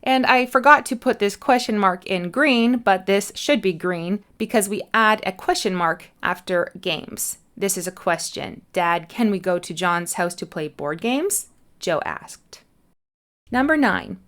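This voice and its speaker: A woman teaching an English punctuation lesson, explaining each answer clearly and patiently and spelling letters out slowly. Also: mid-range voice, fairly bright tone.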